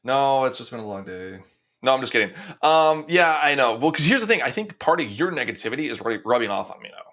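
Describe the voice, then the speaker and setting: Lively joking young man. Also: medium pitch, fast. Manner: animated, joking, laughs often. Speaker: podcast co-host. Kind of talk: casual chat.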